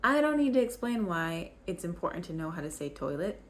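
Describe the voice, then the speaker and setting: A woman's voice: lowish voice, sing-song, a little fast. A young woman teaching basic vocabulary, patiently repeating each word so learners can follow along. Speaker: French teacher. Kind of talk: slow vocabulary lesson.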